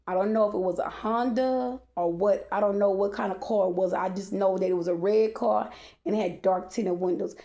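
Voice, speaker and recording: A woman's voice: mid-range voice, steady tone, fairly quick, vocal fry, warm tone. Rambling woman telling a story. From Texas. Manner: rambling, many fillers, addresses the audience directly, profane. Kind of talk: casual storytime monologue.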